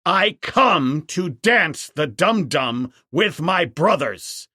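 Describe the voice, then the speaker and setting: A man doing a proud, slow-spoken jungle hero. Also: fairly high pitch, big pitch swings, bright, forceful tone, no room sound, studio quality, exaggerated voice. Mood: commanding. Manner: slow, declaiming challenges. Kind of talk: audiobook narration.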